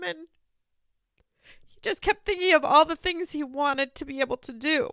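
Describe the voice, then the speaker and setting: A woman hosts a podcast interview, offering gentle, supportive replies. Her voice is high and bright with a forward edge. The sound is dry and close. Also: normal speed, pauses often, no echo. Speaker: podcast host.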